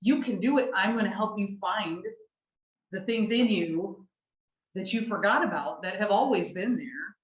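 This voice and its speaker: A woman's voice: medium pitch, normal speed. Life coach guest, woman, blunt and candid, roomy echo around her voice. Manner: frank, candid, swears casually. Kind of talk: casual chat.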